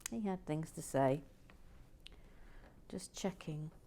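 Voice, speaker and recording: Woman host, low-pitched, unhurried, playful and sassy, drops to hushed asides. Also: slight background noise. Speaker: host of a brick-building channel. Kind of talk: casual chat reading viewer messages.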